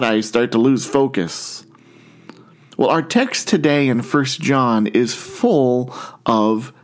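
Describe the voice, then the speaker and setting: A man preaching a sermon as pastor, opening with a conversational story and acting out quoted voices. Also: medium pitch.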